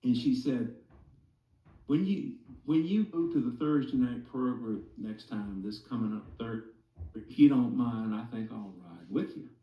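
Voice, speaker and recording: Slow man telling a story. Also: mid-range voice, roomy sound, recorded from a distance, dull audio. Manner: slow, deliberate, many "okay?" asides. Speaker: speaker telling a conversion story to a group.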